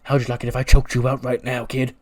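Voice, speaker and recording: A man voicing a menacing, threatening male wrestler, loud and taunting in a game story. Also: medium pitch, steady tone, takes it slowly.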